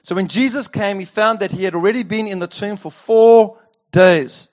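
A pastor preaching a sermon, reading scripture and talking it over conversationally with rhetorical questions. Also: male voice, high voice, steady tone, moderate pace. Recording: dull lo-fi sound.

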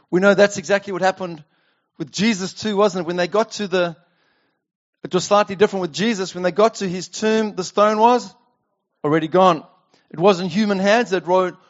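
A pastor preaching a sermon, reading scripture and talking it over conversationally with rhetorical questions. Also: male voice, high-pitched. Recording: dull lo-fi sound.

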